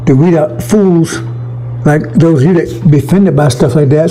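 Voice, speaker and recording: A man preaching an online sermon in a gravelly, husky voice, pitched a little high for a man. His delivery is blunt and rambling, with frequent cursing and short chuckles. He is picked up by a computer microphone. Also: warm tone, rough recording.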